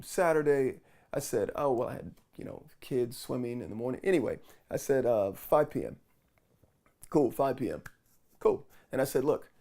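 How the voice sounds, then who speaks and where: In a creaky, mid-range voice, a man from New York vlogs about something that frustrated him. His casual retelling is animated and packed with quoted exchanges between the people involved.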